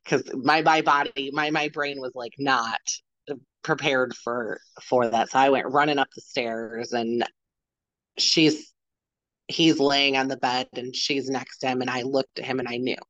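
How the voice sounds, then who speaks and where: A woman in her forties, a podcast guest, telling a personal story in a halting way, retelling what people said. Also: extremely low pitch, fairly even intonation, a bit bright, dry recording, highs cut off. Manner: halting, retells dialogue with "I'm like".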